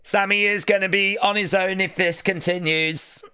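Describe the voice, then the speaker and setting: A man hosting a live watch-along stream, reacting excitably to the action and reading out viewer chat messages. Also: sits high, moderate pace, clean tone. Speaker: livestream host.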